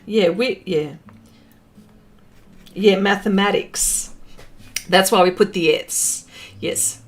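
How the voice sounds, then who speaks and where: Reading out comments during a relaxed livestream, a middle-aged Australian artist laughs a lot and lets her sentences trail off into fillers. She speaks at a medium pitch and takes her time.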